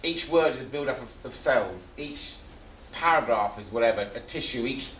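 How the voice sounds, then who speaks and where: A man's voice: medium pitch, expressive, moderate pace, a bit bright, distant mic. A man teaches a live seminar, talking in a loose, conversational way and restating his points. He is recorded from across an echoey room. A faint hiss sits under his voice. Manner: repetitive, conversational, restarts phrases.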